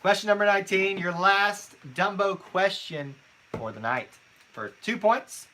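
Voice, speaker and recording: A man's voice: high-pitched, a little slow, pushed and bright, slight background noise. A man co-hosting a live trivia night, reading out scores and teasing his co-host in a casual chat.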